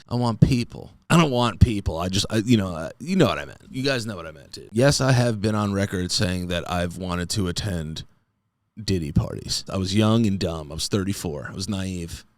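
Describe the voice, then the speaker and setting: A man's voice: sits low, no room sound. A man in his thirties hosting a comedy podcast, rambling goofily and tossing in "dude" often. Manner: goofy, rambling, says "dude" a lot. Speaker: podcast host. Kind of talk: comedic solo podcast monologue.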